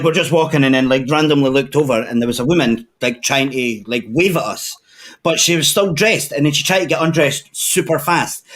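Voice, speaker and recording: A man's voice: a little high, a bit bright. A man with a Scottish accent, telling long sweary stories in a casual chat among friends. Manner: sweary, rambling storyteller.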